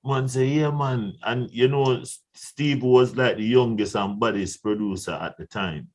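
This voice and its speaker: A young Jamaican man spins his stories in a relaxed interview, and his voice jumps between low murmurs and high, excited bursts. He laughs often and acts out the other people in his tale as he goes. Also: a little slow. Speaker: guest artist. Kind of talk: casual interview storytelling.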